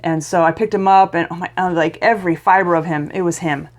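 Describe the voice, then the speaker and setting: A woman's voice: on the low side, steady tone, quick pace. A woman vlogger telling a personal story in a casual, emotional way, often stumbling and restarting mid-sentence.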